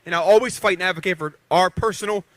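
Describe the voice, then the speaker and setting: Fired-up high-voiced male rally speaker. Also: fast talker, fairly bright tone, dry recording. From Beaver County, Pennsylvania. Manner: fired-up, call-and-response with crowd. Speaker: rally speaker, professional boxer. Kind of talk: rousing rally speech.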